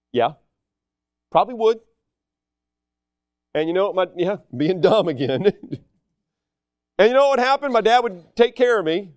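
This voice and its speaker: A man preaching with a lively, swooping delivery, mocking himself as he tells his stories. His voice sits high and sounds smooth and resonant. The recording is close and dry. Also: no echo. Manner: animated, self-deprecating, storytelling. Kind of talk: sermon.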